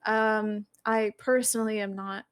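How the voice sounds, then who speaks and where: A woman's voice: mid-range voice, steady tone, unhurried, clear, resonant tone, lightly acted. A woman voicing a polite, fussy male dock clerk who talks in a formal, apologetic way.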